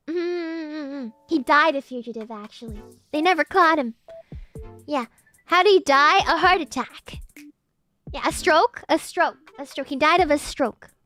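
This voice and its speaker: A woman's voice: sits high, fairly bright tone. A woman streamer chatting casually with her live chat, reading messages and thanking viewers. She talks in a posh, slightly uppity-sounding English and giggles often. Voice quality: formerly very nasal, now loosened.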